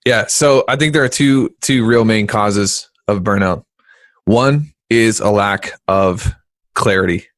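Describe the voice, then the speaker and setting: Joking, animated male podcast host. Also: fairly low pitch, slow, dry recording. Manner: animated, joking, jumps into voices when quoting people. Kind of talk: casual business podcast chat.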